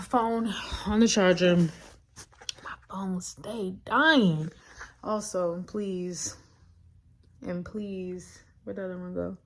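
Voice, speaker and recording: A woman's voice: mid-range voice, slow pace, pauses often, echoey room. Playful young woman vlog host. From Washington state. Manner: playful, teasing, lively. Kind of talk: casual chat and Bible study discussion.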